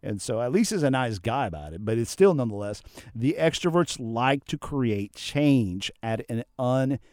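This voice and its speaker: A man in the host's chair of a casual talk show, animated and quick to act out what people say. His pitch rises and falls widely, and the sound is dry and close. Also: no room sound. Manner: animated, acts out quotes with sudden pitch jumps. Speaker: host. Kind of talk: casual podcast talk on personality types.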